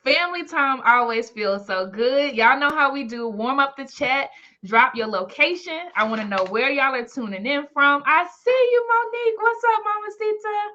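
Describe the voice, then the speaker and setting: A woman hosting a live webinar with lively energy, calling out chat names and welcoming everyone in. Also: high voice, normal speed, highs cut off. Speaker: webinar host. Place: home, in Maryland.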